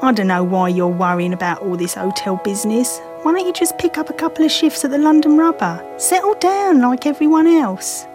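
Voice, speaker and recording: A woman's voice: sits high, lively intonation, a little fast, hardly any pauses, over music, pitched above the performer's own voice. A woman voicing her middle-aged working-class London mother, with a soothing, practical manner. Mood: coaxing.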